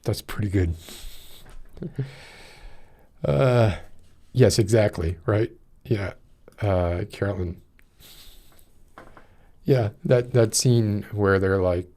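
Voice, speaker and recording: A man's voice: fairly low pitch, drawn-out words, pauses often, warm tone. A man hosting a podcast, chatting casually and rambling, with many restarts and fillers as he reads live chat comments aloud. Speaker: podcast host.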